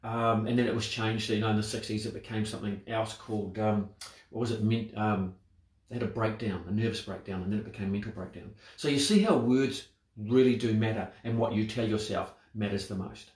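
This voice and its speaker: A man's voice: lowish voice, fairly even intonation, a little fast, darkish tone. Reflective man in an echoey room. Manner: reflective, asks rhetorical questions. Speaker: speaker on mental wellbeing. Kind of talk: motivational talk to camera.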